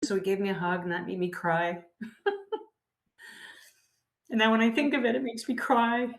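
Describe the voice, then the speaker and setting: A woman's voice: medium pitch, normal speed, roomy sound. A woman hosting a casual podcast chat, tired from poor sleep, telling candid stories. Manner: candid, storytelling with laughs. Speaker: podcast host.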